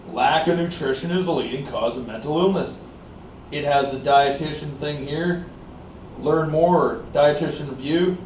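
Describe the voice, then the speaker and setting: A man from Canada, rambling in a casual monologue, often saying "like I said" and filling pauses with "uh", winded from exercising. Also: fairly high pitch, a little mellow, recorded from a distance. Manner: rambling, repeats "like I said", pauses with fillers. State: out of breath from exercising. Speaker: vlogger. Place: small warm room indoors. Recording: roomy echo, voice off-mic, faint noise.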